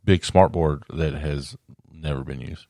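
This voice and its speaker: A man co-hosts a casual talk show, reading news items and teasing his partner. His voice is extremely deep, and the room is dry with no echo. He has a dry, teasing manner and stumbles over his restarts. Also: measured pace, dark tone. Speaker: co-host, reads news items. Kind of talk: casual chat.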